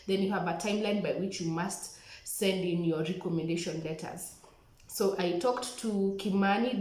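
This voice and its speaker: A young woman from Kenya telling the story of her scholarship application in a chatty, animated way, often calling her viewers "guys". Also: lowish voice, reverberant, rough recording. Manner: chatty, animated retelling with acted-out quotes, addresses viewers as "guys". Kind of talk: casual storytelling to camera.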